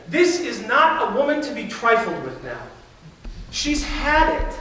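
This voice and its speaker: Animated pastor in an echoey church. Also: male voice, sits high, recorded from a distance, slight background noise. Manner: animated storytelling, acts out quoted voices. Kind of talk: sermon. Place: large church sanctuary.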